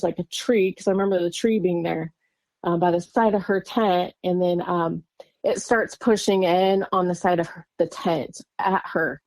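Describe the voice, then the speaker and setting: A woman's voice: mid-range voice, a little mellow, no room sound. A woman from Oregon, a guest on an interview podcast, recounting a personal encounter in a rambling way with lots of fillers and nervous laughs. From Oregon, USA. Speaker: guest witness.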